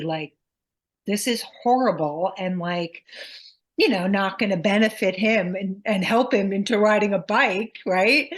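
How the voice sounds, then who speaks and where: A middle-aged woman co-hosting a podcast, talking candidly and reflectively about her own parenting mistakes. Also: fairly low pitch. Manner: candid, confessional, acts out quotes in a sharper voice. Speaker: podcast co-host. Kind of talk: reflective casual chat.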